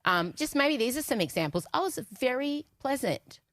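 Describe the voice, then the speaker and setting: A woman's voice: high-pitched, normal speed, no echo, clean studio sound. A woman, hosting a podcast and telling a comic story in casual chat, acting out the voices in the dialogue she retells. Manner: animated, puts on voices in retold dialogue. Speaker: podcast host.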